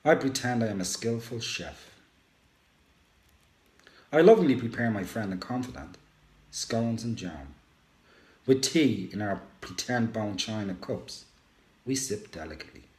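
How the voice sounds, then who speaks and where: Slow, emotive man reading in an echoey room. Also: fairly low pitch, animated. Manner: emotive, with dramatic rises and hushed drops. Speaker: radio show host. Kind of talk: dramatic reading of a first-person poem.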